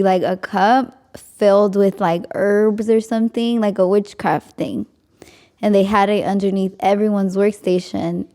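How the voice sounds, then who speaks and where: Chatty young woman with a mellow voice. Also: mid-range voice. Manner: chatty, frequent "like", laughs often. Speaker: podcast host. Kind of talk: casual storytelling.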